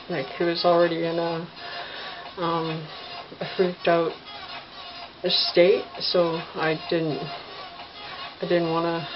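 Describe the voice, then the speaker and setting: A woman with a lowish voice tells a ghost story slowly, stumbling through ums and restarts. She is a mother speaking at home to a camera propped up without a tripod. The sound is dull and lo-fi, with music playing loudly behind her. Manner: halting, many fillers and restarts. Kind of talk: casual spoken storytelling. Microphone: phone or camera propped up, no tripod.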